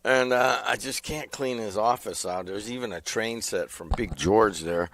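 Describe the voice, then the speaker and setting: A middle-aged man who owns a radio station rambles casually on air from a small studio, telling stories in a conversational way. His lowish voice is a bit bright and moderately paced, with a little hiss or hum in the recording.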